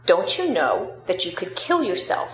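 A woman's voice: lowish voice, wildly swooping pitch, unhurried, a little hiss or hum. A woman voicing a scornful male passerby who mocks and scolds in a raised, jeering voice. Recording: roomy, dull sound.

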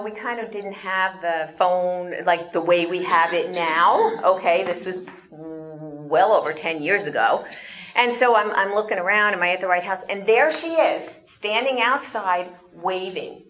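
A woman giving an animated storytelling talk, asking her audience questions as she goes. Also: mid-range voice, measured pace, highs cut off. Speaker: speaker.

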